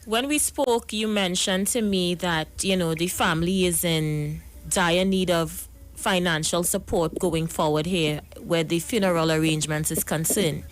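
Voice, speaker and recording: A middle-aged woman hosting a live radio talk show from Trinidad and Tobago, asking sympathetic, measured questions. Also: on the low side, faint music behind.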